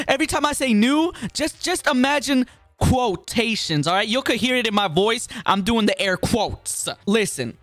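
A video creator in a comedic rant vlog, talking with exaggerated indignation. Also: male voice, very high voice, a bit bright, dry recording.

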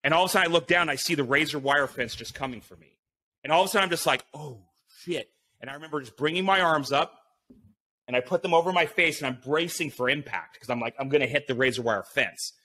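A man guest tells an animated story, swearing often and acting out the voice in his own head. His voice sits a little high, with a bright, forceful, tense edge. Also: fast talker. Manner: vivid retelling that acts out his own inner voice, with frequent swearing and fillers. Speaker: podcast guest, BASE jumper.

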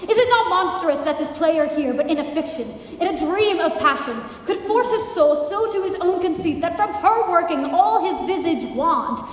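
A woman's voice: extremely high pitch, animated, normal speed, few pauses. Female actor as a witty young prince, impassioned stage delivery, distant in a big reverberant hall. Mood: anguished. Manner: theatrical, wry, impassioned. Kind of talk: live stage play performance. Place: theater stage. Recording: far echoey hall, faint noise.

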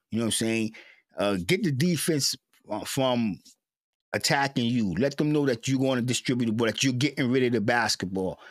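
A man's voice: mid-range voice, no room sound, studio quality. A man giving an emotional, repetitive sports rant as a fan commentator, stammering at times.

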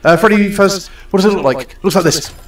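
Brisk and high-pitched, a young man streams a game and gives casual commentary, jokingly ordering the customers around. The mic sits at a distance, so the sound is roomy and echoey.

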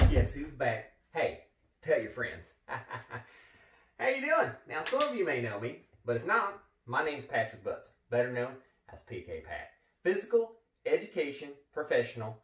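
A man's voice: medium pitch, fairly bright tone, distant mic. A man playing an overeager retired gym teacher who wants to become a parkour motivational speaker, talking in a pep-talk style and repeating catchphrases. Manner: pumped-up pep-talk delivery, repeating catchphrases, frequent "all right?". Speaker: comedic character monologue. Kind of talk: comedy sketch monologue. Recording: echoey room, voice from off the mic.

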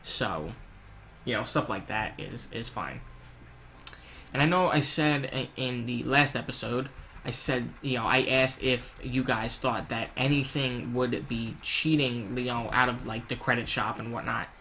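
A young man talking through a game at his desk, rambling loosely and swearing between thoughts. His voice is bright and a bit forceful, at a middling pitch. A faint hiss sits under the desk mic. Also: a little slow. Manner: rambling, swears, panics loudly when chased. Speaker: gaming YouTuber. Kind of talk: casual gameplay commentary.

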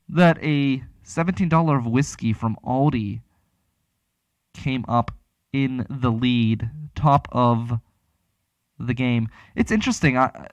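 A man's voice: mid-range voice, no room sound. A man hosting a casual talk show, rambling and chatty, with many restarts. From Pittsburgh area. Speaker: radio talk show host.

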